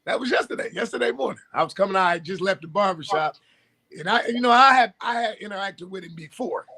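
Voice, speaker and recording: Animated high-voiced man telling stories. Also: fast talker. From Michigan. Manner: animated storyteller, acts out dialogue, laughs a lot. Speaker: co-host. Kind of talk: casual sports talk show banter.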